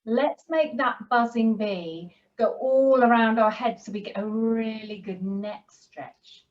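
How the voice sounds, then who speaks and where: A woman teaching a children's yoga class and giving gentle, encouraging instructions to young kids. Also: fairly high pitch, slow pace, distant mic, lo-fi sound. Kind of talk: guiding a kids' yoga class.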